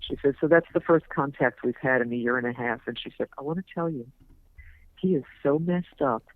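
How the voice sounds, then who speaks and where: An older woman on a recorded phone call, chatting in a rambling, hesitant way with a gravelly voice. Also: rumbling low, brisk, dry recording. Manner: rambling, hesitant, with many fillers. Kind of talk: casual phone chat. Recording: tinny wiretapped phone line, dry.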